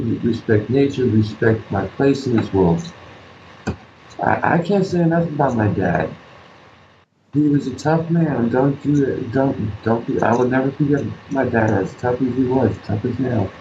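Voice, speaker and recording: A man tells a personal story during an interview. He speaks earnestly, repeats phrases and acts out the voices of people he quotes. The recording is dull and lo-fi, with faint background noise. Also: mid-range voice. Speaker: guest artist and musician.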